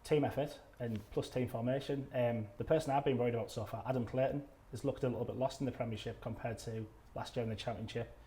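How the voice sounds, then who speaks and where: Mellow, quick male fan pundit. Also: medium pitch, steady tone, slight background noise. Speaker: fan panellist. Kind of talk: casual panel chat.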